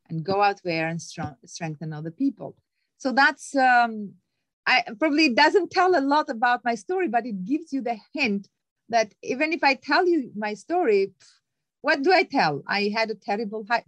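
Emphatic motivational woman, dry sound. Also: dry recording. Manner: acts out quoted voices with big pitch jumps. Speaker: guest author. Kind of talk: conversational interview.

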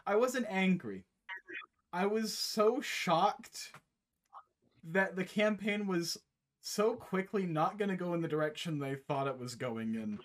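A young man, the host and game master, chatting casually over an online call as a rambling, animated storyteller. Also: high voice, slow. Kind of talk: casual chat, recapping a campaign.

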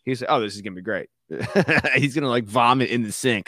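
Male podcast guest, lively storyteller who acts out other people's voices, dry close sound. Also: mid-range voice, fairly quick, no room sound. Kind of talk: casual storytelling chat.

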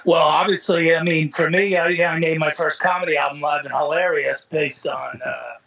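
A man's voice: a little high, fairly even intonation, moderate pace, creaky, a bit bright, breathy edge. A man who is a comedian guest, chatting casually and joking at his own expense. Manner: self-mocking, jokey. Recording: dull lo-fi line with faint noise.

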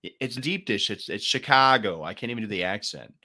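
A man's voice: lowish voice, expressive, brisk, pushed and bright. A man co-hosting a casual sports talk show, rambling and joking with lots of fillers and restarts. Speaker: podcast co-host.

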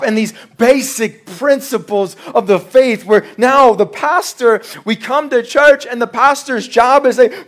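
A man preaching a sermon in a folksy, animated way, acting out the lines he quotes. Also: very high-pitched, measured pace, hardly any pauses. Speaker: pastor.

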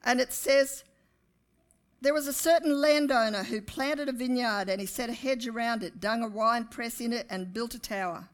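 A woman pastor, preaching a sermon to her congregation with animated, rising emphasis. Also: a little high, moderate pace. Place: church.

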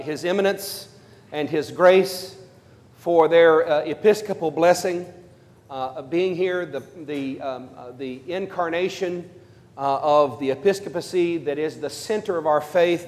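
A priest preaching at a conference, emphatic and telling stories with playful asides. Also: male voice, fairly high pitch. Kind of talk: conference sermon. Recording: long hall reverb.

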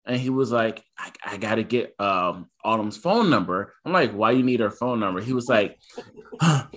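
A man's voice: on the low side, animated, normal speed, fairly bright tone. A man in his thirties, a podcast co-host, telling a family story in casual chat and acting out his son's lines.

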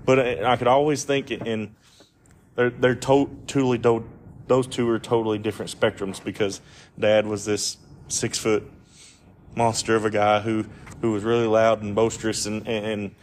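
A man's voice: fairly low pitch, level tone, normal speed, slight background noise. A man hosting a podcast in casual conversation, earnest, with stammering restarts. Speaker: podcast host.

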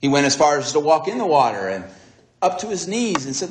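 A man preaching a sermon, retelling a story dramatically and acting out its dialogue with swings between soft and raised delivery. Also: fairly high pitch, sing-song, quick pace, reverberant, a little hiss or hum.

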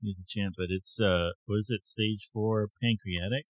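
A man's voice: lowish voice, steady tone, normal speed, no room sound. A man co-hosting a podcast in casual chat, cracking dry sarcastic jokes. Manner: joking, sarcastic asides. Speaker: podcast co-host.

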